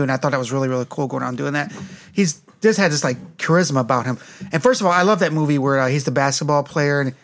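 A man's voice: mid-range voice, slight background noise. A man chatting casually about a movie as a podcast co-host, rambling and swearing freely. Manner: rambling, profane, fast and eager. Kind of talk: casual movie review chat.

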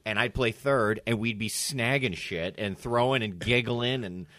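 A man's voice: medium pitch, unhurried, fairly bright tone, dry recording, clean studio sound. A man co-hosting a casual podcast, rambling through stories, profane and self-mocking. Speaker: podcast co-host. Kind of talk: casual storytelling banter.

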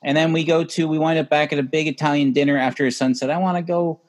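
A man co-hosting a casual film podcast, retelling scenes in an animated way and acting out the lines. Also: a little high, quick pace. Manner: animated storyteller who acts out lines. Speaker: podcast co-host. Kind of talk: casual chat about a film.

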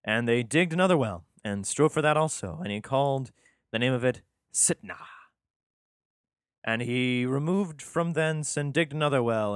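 A man's voice: mid-range voice, clean tone, no room sound, clean studio sound. Sarcastic, profane man reading aloud. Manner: sarcastic, profane, exasperated asides. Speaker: host reading scripture with commentary. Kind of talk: irreverent comic commentary.

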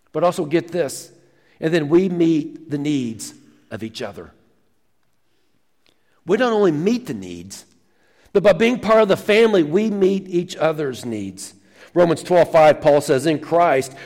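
Folksy preacher, higher man's voice. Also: a little mellow, long reverb tail. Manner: folksy storytelling, tells jokes. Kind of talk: sermon. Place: church sanctuary.

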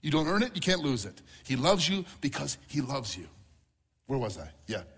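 A man's voice: medium pitch, very animated, normal speed, fairly bright tone, breathy edge. A middle-aged man preaching a sermon as pastor, earnest and repeating key words for emphasis.

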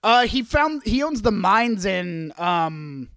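A man recaps the plot of a film with wry, sarcastic asides. His voice is notably high for a man. The sound is dry and close to the mic. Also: very animated, slow, fairly bright tone, clear, resonant tone, no echo. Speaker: podcast co-host. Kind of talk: casual movie recap.

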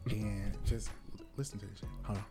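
A man co-hosting a casual podcast, playful and loud, his pitch jumping high when he jokes. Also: little pitch movement, fairly quick, over music. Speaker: podcast co-host. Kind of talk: casual chat.

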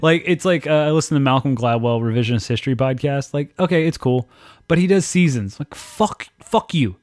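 A man's voice: medium pitch, fairly quick, darkish tone, dry recording, clean studio sound. A man co-hosting a casual podcast, ranting animatedly and swearing heavily as he talks. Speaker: podcast co-host. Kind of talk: casual profane podcast chat.

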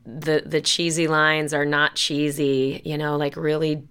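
A woman's voice: low voice, little pitch movement, measured pace, a bit bright, clear, resonant tone. A woman co-hosting a podcast, speaking affectionately and laughing often. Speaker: podcast co-host. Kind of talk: casual podcast chat.

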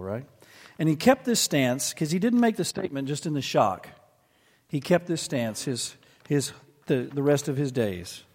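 A man preaching a sermon, telling a story and slowing down to press his points. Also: a little high, a little mellow, long reverb tail. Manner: storytelling, slows and presses for emphasis. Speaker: pastor.

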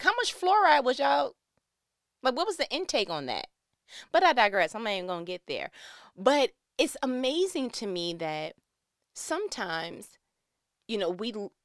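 A woman's voice: mid-range voice, a bit bright, no echo, studio quality. A woman, a mother, telling funny family stories in a casual, playful, slangy way, often breaking into laughs. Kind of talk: casual storytelling monologue.

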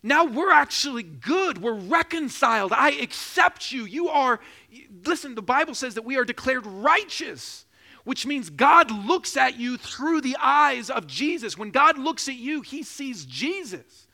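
A man in his thirties preaching a sermon, telling a joking personal story, then building to loud, slow emphasis. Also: extremely high pitch, big pitch swings, vocal fry. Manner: preaching with rising emphasis, slowing for key phrases; jokes and laughs during a personal story. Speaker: pastor.

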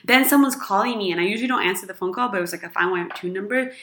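A woman's voice: mid-range voice, racing, fairly bright tone, echoey room. A woman in her thirties telling a long personal story to friends in casual chat, rambling with lots of fillers and frequent laughter.

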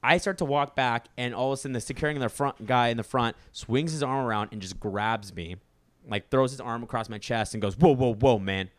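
A man's voice: medium pitch, brisk, dry recording. A young man co-hosting a podcast, telling a story in casual chat and acting out other people's lines.

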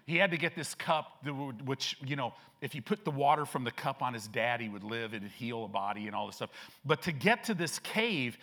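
An older male pastor preaches a sermon in a church sanctuary, his medium-pitched voice bright and forceful. He tells stories in a conversational way, building toward emphatic declarations.

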